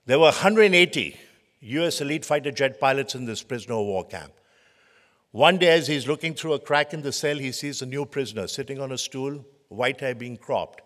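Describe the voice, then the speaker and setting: This brisk man has a mid-range, fairly bright voice as he lectures a conference audience on leadership. Stories come out forcefully, with short phrases lined up one after another, all echoing in the lengthy reverb of a lecture hall.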